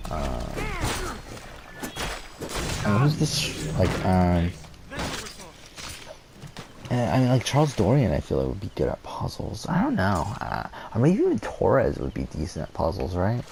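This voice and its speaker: Low gravelly man narrating gameplay. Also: background noise. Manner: rambling, many fillers and restarts, swears at the game. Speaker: gameplay commentator. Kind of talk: casual gameplay commentary.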